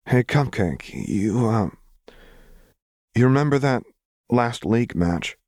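A man reading aloud voices a blunt young woman brawler who talks haltingly and swears often. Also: mid-range voice, animated, a little mellow, no room sound, studio quality, pitched above the performer's own voice. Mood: hesitant. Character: rough-edged young woman brawler, guarded and emotional.

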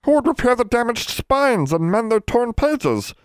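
Small fretful elves, squealing and pleading, dry close sound. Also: male voice, very high voice, very animated, moderate pace, smooth, no room sound, voice pushed up. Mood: frightened pleading. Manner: squealing, wailing, broken grammar.

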